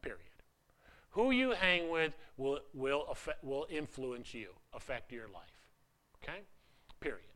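A male pastor preaches in a high, bright voice. His sermon comes across as casual and conversational, full of restarts and jokes at his own expense, delivered to a live congregation. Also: big pitch swings, slow pace. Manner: conversational, self-deprecating preaching with many repeated starts.

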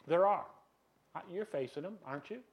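A middle-aged man preaching a sermon, telling a personal story in an animated, self-mocking way and filling his talk with "you know". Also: fairly high pitch, fairly quick. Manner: animated, self-deprecating, acts out voices, many "you know"s. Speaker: pastor.

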